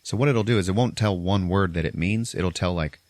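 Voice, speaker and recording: A man hosting a podcast, casually retelling a film's scenes, swearing freely and slipping into quick voices for the characters. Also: low-pitched, darkish tone, no room sound, clean studio sound. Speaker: podcast host. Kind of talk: casual movie recap.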